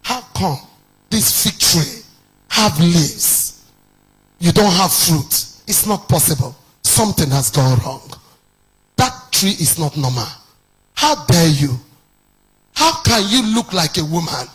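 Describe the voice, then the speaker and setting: A man preaching a sermon, firing off rhetorical questions and rising into shouted decrees. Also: fairly high pitch, animated, measured pace, breathy edge. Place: church.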